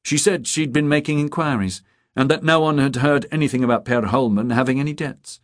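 A man's voice: medium pitch, fairly quick, no room sound, clean studio sound, voice pushed up, close to an everyday voice. Man doing an eager young junior cop. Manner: chatty, excitable. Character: eager young male police detective, junior colleague.

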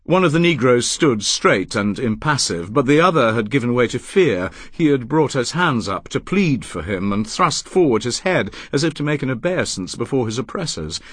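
A man narrating an audiobook with a husky, low voice that moves widely in pitch. His reading is expressive and dramatic. He is heard dry and close on a studio mic. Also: moderate pace, hardly any pauses, dry recording.

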